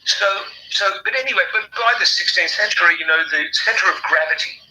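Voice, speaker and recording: A man's voice: high-pitched, a little fast, sharp tone, low-quality recording. A man with an English accent, an author and historian talking at length in an interview, with many fillers and restarts. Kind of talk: conversational interview.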